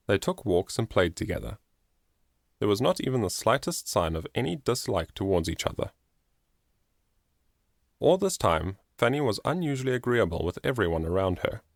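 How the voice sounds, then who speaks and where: A man narrating an audiobook in an expressive storytelling manner. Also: fairly low pitch, gravelly, no echo, studio quality. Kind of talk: scripted narration.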